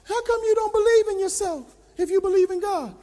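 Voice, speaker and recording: A man's voice: fairly quick, warm tone, a little hiss or hum. A man mimicking a pushy, taunting trainer. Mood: challenging. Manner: needling, taunting, high-pitched mimicry. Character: pushy, teasing male personal trainer. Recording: long reverb in a large tent.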